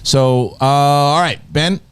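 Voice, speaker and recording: A man's voice: fairly high pitch, slow, clear, resonant tone. A young adult man hosting a casual panel chat, telling stories with playful mimicry. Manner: animated storyteller, playful mimicry. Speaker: host.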